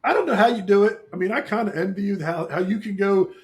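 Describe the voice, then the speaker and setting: A man with a slightly higher-than-usual voice who co-hosts a casual podcast. He rambles through his stories, restarts his sentences, and teases his co-host with wry humor. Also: fast. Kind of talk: casual chat.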